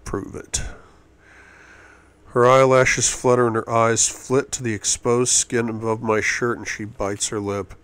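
A man's voice: mid-range voice, little pitch movement, moderate pace, few pauses, a bit bright, smooth. A man reading a novel aloud in first person, often murmured and intimate. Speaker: audiobook reader.

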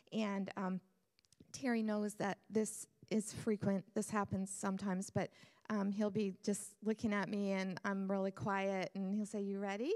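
A married woman sharing a church testimony in an earnest storytelling way, with soft laughs. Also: mid-range voice. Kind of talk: casual spoken testimony. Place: church meeting room. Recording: echoey hall.

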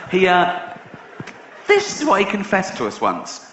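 English man, stand-up comedian, profane, incredulous outbursts, higher voice, muffled live recording. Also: wildly swooping pitch, unhurried, slight background noise. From England. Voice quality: profane, blunt, rising to incredulous shouts. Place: live theatre stage. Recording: echoey dull live hall recording with crowd.

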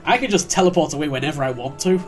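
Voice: medium pitch, expressive, very fast, soft background music. A let's-play gamer giving casual, joking commentary with giggly asides.

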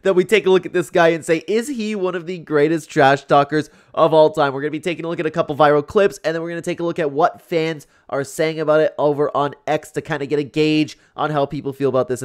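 A young man talking through fight clips in a loose, casual reaction style. His voice sits a little high, and he laughs easily, stringing thoughts together with "like" and "man". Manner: chatty, laughs often, lots of "like". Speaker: YouTube MMA commentator.

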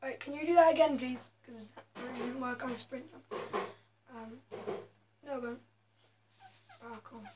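Girl with a high voice doing chill game commentary, roasts herself, yelps a lot. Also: moderate pace, pauses often, a little hiss or hum. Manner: self-mocking, with sudden exclaimed outbursts. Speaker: gaming video host. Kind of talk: casual gameplay commentary.

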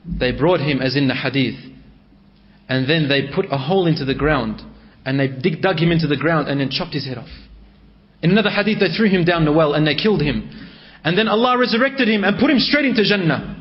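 A male preacher telling a story in a sermon, swinging between raised and hushed delivery. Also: fairly high pitch, expressive, fairly quick, lo-fi sound.

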